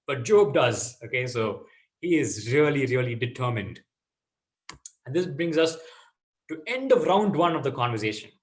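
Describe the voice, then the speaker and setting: A man's voice: medium pitch, very animated, normal speed. A man teaching a casual Bible lesson to teens, checking in often with "okay?" and "right?".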